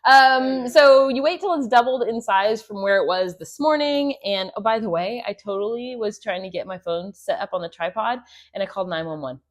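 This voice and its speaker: In her home kitchen, a chatty woman who hosts a homestead show demonstrates some casual cooking, joking around and laughing at her own expense. She uses a clip-on mic, and her mid-range voice keeps a moderate pace.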